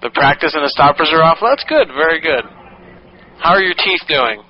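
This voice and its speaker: A man's voice: on the high side, moderate pace, dull audio, slight background noise. A man talking in a playful, teasing way to someone on the other end.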